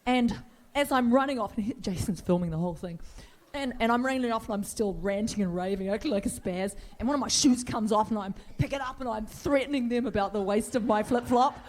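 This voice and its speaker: A woman's voice: fairly high pitch, a little fast, darkish tone. A middle-aged woman telling rambling, playful anecdotes as a guest on a convention stage, laughing often as she talks.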